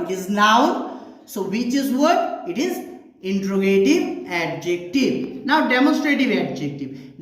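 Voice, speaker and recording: Woman grammar teacher, fairly high voice with lively pitch, posing and answering her own questions. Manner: asks questions and answers them herself, repeating each example. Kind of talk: classroom-style grammar lesson. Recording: very echoey room.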